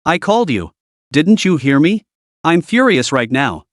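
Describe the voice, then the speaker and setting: A man voicing a haughty, spoiled young woman who barks shrill commands in a storybook reading. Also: big pitch swings, a little slow, no echo, studio quality. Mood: haughty, indignant.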